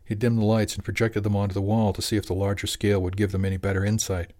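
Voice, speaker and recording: A man reading a serialized audiobook with calm, steady narration. His voice sits low. The reading is even and unhurried. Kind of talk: scripted narration.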